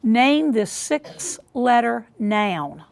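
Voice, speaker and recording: A woman hosting a school quiz show, reading questions in a measured way and repeating them deliberately. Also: a little high, very animated, gravelly.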